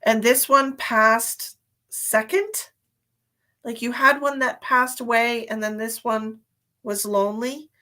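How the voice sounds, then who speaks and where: A woman's voice: a little high, steady tone, slow pace, pushed and bright. A woman psychic medium giving a live-streamed reading, chatty and sleepy, thinking aloud with many fillers. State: sleepy, yawning.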